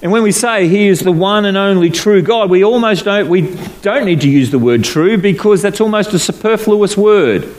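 A man preaching a sermon to a congregation, swinging between low solemn passages and raised, emphatic ones, slowing to stress key phrases. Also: darkish tone. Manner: slows down to stress scripture phrases. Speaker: pastor. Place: church hall before a congregation.

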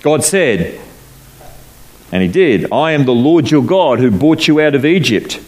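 A man preaching a sermon to a congregation, swinging between low solemn passages and raised, emphatic ones, slowing to stress key phrases. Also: expressive, a little mellow. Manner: slows down to stress scripture phrases. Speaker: pastor. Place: church hall before a congregation.

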